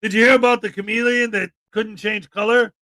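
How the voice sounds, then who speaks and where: Bright-voiced joking male streamer. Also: high-pitched, flat delivery, fairly quick, no room sound. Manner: joking, chuckling, sarcastic. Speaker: streamer host. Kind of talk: casual live-stream commentary.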